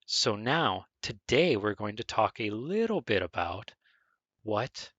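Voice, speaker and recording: Slow, lively-voiced male ESL teacher. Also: on the low side, no room sound, dull audio. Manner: slow and deliberate, spells words out, stresses question intonation. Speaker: English teacher. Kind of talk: screen-recorded ESL grammar lesson.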